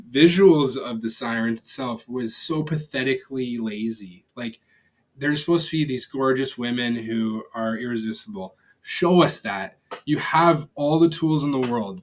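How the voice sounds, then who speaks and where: A young man giving a casual, rambling film review, blunt and profane, with lots of fillers and restarts. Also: mid-range voice. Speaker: movie reviewer.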